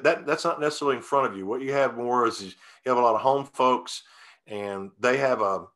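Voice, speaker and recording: A man chats in an unhurried, folksy way, circling back through restarts and fillers as he tells a story. His voice sits at an ordinary middle pitch. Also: fairly bright tone. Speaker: guest singer-songwriter. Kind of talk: casual interview storytelling.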